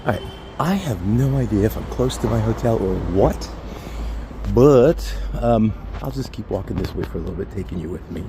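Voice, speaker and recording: A man's voice: on the low side, lively intonation, normal speed. A man who is an airline pilot, chatting casually in a rambling, sidetracked way as he walks uphill on a city street, slightly out of breath. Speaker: airline pilot and travel vlogger. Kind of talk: casual walking vlog. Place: outdoors on a city residential street. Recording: noisy outdoor street ambience. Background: street traffic.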